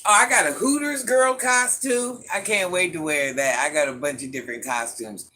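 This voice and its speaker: A man talking casually to camera, gushing and swooning, sometimes dropping soft and low as he muses. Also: moderate pace, a little hiss or hum. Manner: gushing, dreamy, swooning over things he loves.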